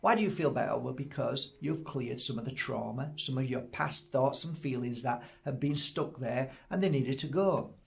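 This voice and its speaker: A man's voice: medium pitch, normal speed, gravelly, few pauses, slight background noise. A man, a crystal healer, giving a casual spiritual teaching talk, speaking straight to the listener and repeating and listing his words.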